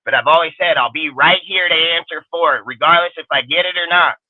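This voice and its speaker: A man's voice: fairly high pitch, brisk, dry recording. A man hosting a fan livestream, ranting in an angry, profane and defiant way. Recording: dry, phone-like narrow sound.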